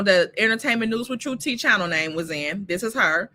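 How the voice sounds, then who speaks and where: A woman's voice: medium pitch, lively intonation, brisk, pushed and bright. A woman vlogger in casual commentary, chatty and pointing things out on screen.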